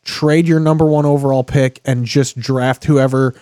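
A man's voice: medium pitch, steady tone, moderate pace, warm tone, no echo. Host, male, profane ranting delivery, dry close mic. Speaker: podcast host. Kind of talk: casual chat while watching TV.

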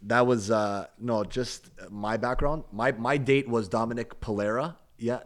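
A man's voice: mid-range voice, fairly even intonation, measured pace. A young man casually telling a rambling story among friends, full of "like" and restarts.

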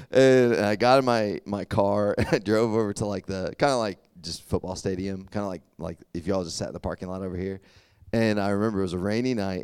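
A man's voice: deep voice, a little mellow, smooth, no echo, studio quality. A young man giving a casual, conversational sermon, often stopping to check "does that make sense?". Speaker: youth pastor.

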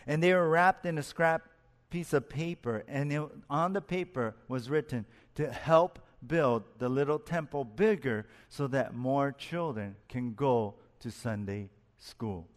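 A man's voice: medium pitch, measured pace, in a large hall. A man preaching a sermon as a pastor, earnest, rising and dropping his voice for emphasis and asking his listeners questions.

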